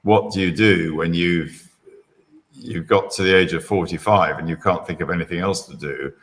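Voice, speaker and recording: Man, older, very low voice, anecdotal, self-deprecating, podcast guest. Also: moderate pace, fairly bright tone. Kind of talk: storytelling in a podcast interview.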